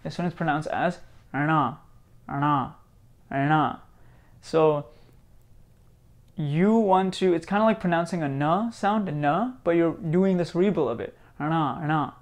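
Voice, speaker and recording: A man from India teaching Sanskrit sounds, repeating each sound slowly and patiently. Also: on the high side, a little mellow. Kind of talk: slow teaching, pronouncing sounds aloud.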